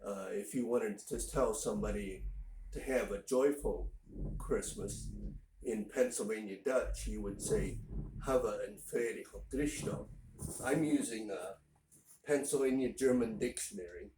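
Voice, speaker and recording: A man from northern Indiana talks through a casual language lesson, explaining things patiently and stopping often to gather his words. His voice sits a little low and he takes his time. The room around him rings with echo. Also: mellow, a little hiss or hum. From northern Indiana, USA. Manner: unhurried and explanatory, with frequent "uh" pauses. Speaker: language teacher.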